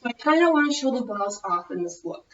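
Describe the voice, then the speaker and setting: Talking fast and expressively, a woman with a Minnesotan American accent walks viewers through a clothing tutorial in a casual, rambling way, losing track and fixing her own words. Her voice is a little high and a bit bright, and the recording has its highs cut off. She's an American vlogger.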